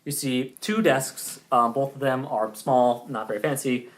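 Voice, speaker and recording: A man's voice: mid-range voice, fairly even intonation, unhurried. A man running a tabletop game as game master, narrating in a loose, chatty way with laughing asides.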